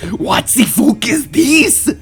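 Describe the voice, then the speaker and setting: A shrieking, foul-mouthed mother in a put-on German accent, raging at her husband in a high, loud, drawn-out voice, as a man reading a story puts her on. The lines come out slow and heavy, pushed well above a plain speaking voice. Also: expressive, vocal fry, faint music behind, full character voice. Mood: enraged. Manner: shouting, vulgar. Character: furious screaming mother berating her husband.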